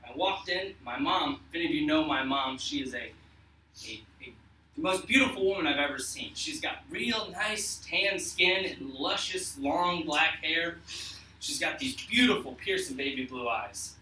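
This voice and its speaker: Young man, earnest storyteller, fairly high bright voice, recorded far off in an echoey room. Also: animated, a little hiss or hum. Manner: earnest and emotional, with halting restarts. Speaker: speaker telling a personal story to an audience. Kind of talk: spoken personal storytelling.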